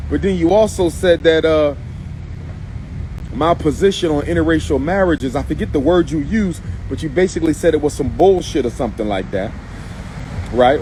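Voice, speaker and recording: A man's voice: fairly high pitch, a little mellow, a little hiss or hum, rough recording. A man delivering a live-streamed monologue as an activist commentator, emphatic and repetitive, speaking straight to the person he answers. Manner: emphatic and repetitive, addressing someone directly.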